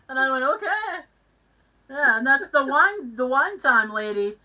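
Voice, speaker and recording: On a rough recording, a woman with a voice that sits high hosts a podcast. It's casual chat, and she animatedly acts out the voices of all the people in her tales.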